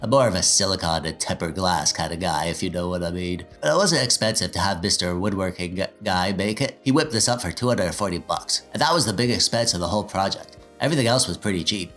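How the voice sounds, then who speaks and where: A man in his thirties with a nasal, slightly stuffy voice that sits on the low side. He talks in a casual, self-deprecating vlog style, sarcastic one moment and excitable the next. Faint music plays quietly behind him. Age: 30s. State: stuffy, getting over an illness. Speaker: DIY tech vlogger.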